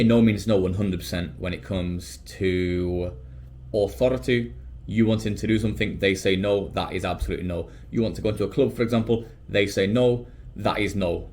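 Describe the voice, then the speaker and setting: A British man, an English teacher, talking casually to camera in an animated way and slipping into quoted voices. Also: lowish voice, slight background noise. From United Kingdom.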